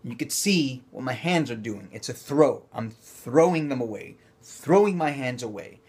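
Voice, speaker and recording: A man's voice: medium pitch, lively intonation, a little slow, a little hiss or hum. A man teaching acting, talking to camera and calling out cues while he demonstrates movement exercises. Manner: coaching, calling out cues, rising to loud effortful bursts.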